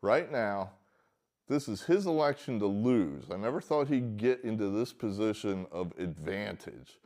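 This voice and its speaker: A man's voice: on the low side, animated, unhurried, darkish tone. A man giving casual, rambling solo political commentary from a barn, hesitant with many fillers and mocking outbursts.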